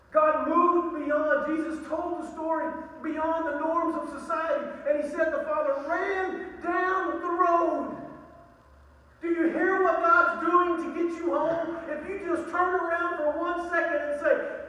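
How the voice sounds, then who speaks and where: A high-pitched, bright-voiced man preaching with mounting passion, his words pressing toward a near shout. He is heard from a distance in a large church, with long echoes ringing off the walls. The sound is slightly dull. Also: flat delivery, normal speed. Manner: impassioned, rising to a near shout. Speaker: pastor. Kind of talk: sermon.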